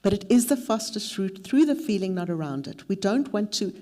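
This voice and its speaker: A woman's voice: mid-range voice, expressive, brisk, warm tone. A middle-aged woman leading a mentorship workshop, mixing practical advice with a candid, self-deprecating personal story. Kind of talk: workshop talk with personal anecdote.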